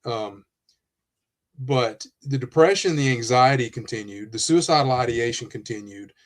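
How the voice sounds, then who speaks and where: Man, podcast host, retired police officer, measured reflective talk, mid pitch. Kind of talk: candid podcast conversation.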